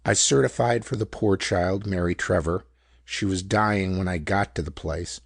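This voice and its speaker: A man voicing an excitable male country doctor who answers in a flat, practical way and then breaks into loud disbelief. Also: sits low, moderate pace, vocal fry, husky, no echo, clean studio sound, heavily acted. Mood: matter-of-fact. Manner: incredulous, exclaiming.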